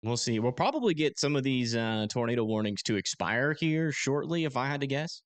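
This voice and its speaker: A young man hosting a live storm-tracking stream, talking casually and haltingly with many fillers as he reads radar. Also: mid-range voice, expressive, no room sound. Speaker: storm-tracking livestream host. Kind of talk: live weather commentary.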